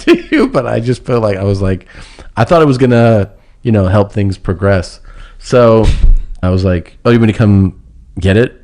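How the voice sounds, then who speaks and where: A man's voice: fairly low pitch, a little mellow. A man telling a long, rambling personal story in casual podcast chat, laughing now and then. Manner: rambling, laughs through his own story.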